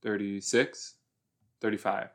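His voice is fairly low and slow. He hosts a podcast, casually reacting to a TV episode as he watches, full of exclamations and loose, chatty animation.

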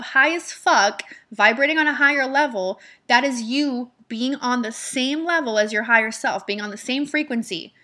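Casting: woman motivational coach, higher voice, bright and punchy, blunt and repetitive. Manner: emphatic, repetitive, swears casually. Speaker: manifestation mentor. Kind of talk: motivational monologue.

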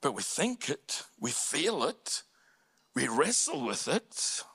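A male pastor preaching a sermon in a church, earnest and deliberate, rising to impassioned cries when voicing prayers. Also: very animated, slightly rough. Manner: slow and deliberate, dropping low and quiet on personal points.

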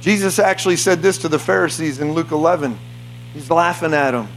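High-voiced fervent preacher man. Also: a little fast, soft background music. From United States. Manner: fervent, shouting bursts, frequent laughter. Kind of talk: charismatic sermon. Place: church meeting before a congregation.

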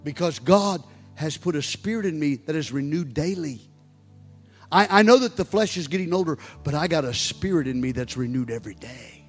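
A man in his sixties, a pastor preaching a sermon and building to loud exhortation. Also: fairly high pitch, animated, normal speed, breathy edge. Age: 60s. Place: church sanctuary. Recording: long reverb of a large hall with music.

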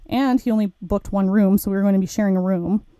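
Frank, mellow-voiced woman podcaster. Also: medium pitch, fast, clean tone, no echo. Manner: candid, frank, swears casually. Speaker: podcast host. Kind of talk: candid storytelling.

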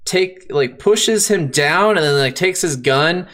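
A man with a slightly high voice chatting casually, excited and rambling as he recaps a game. He laughs often and talks in quick bursts.

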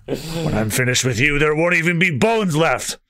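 A man's voice: on the high side, animated, normal speed, crowd noise. A man voicing an angry, hot-tempered male villain from a comic, snarling his threats. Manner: snarling threats, hammy comic-book delivery.

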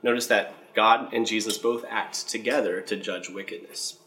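A man explaining a Bible passage in a relaxed, conversational way, often checking in with "right?" and reading scripture aloud. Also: lowish voice, normal speed, low-quality recording. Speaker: Bible teacher. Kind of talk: casual Bible teaching.

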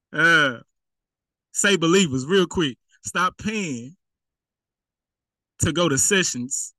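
A man's voice: fairly high pitch, bright, forceful tone, no room sound, rough recording. A man preaching a conversational sermon to his congregation, playfully acting out a rich man in casual slang and laughing along with his own jokes.

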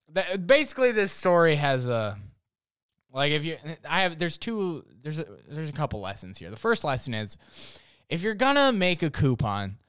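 A young adult man, a podcast host, telling a rambling story full of fillers and deadpan jokes. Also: medium pitch, clear, resonant tone, no room sound, studio quality. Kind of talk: casual storytelling.

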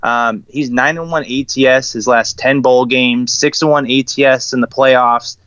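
A man being interviewed as a sports betting analyst, answering in a measured way with many ums. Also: mid-range voice, fairly even intonation, a bit bright, clear, resonant tone, no room sound, lo-fi sound. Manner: measured, filler-heavy with ums. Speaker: guest, sports handicapper.

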